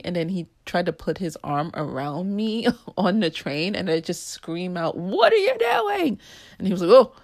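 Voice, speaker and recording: Low raspy-ish woman rambling on her podcast, sarcastic, a bit sick, dry close mic. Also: darkish tone, no echo. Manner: candid, sarcastic rambling with laughs. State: under the weather. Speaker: podcast host. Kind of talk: casual solo podcast monologue. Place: her home in uptown Manhattan.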